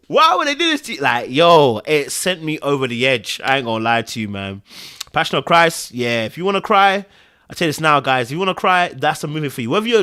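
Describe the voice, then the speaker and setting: A man hosting a casual podcast stream, his voice pitched a bit high and leaping up and down with feeling. He swings from loud exclamations to hushed, drawn-out murmurs and repeats phrases for emphasis. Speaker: podcast host. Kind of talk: casual live-stream chat with viewers.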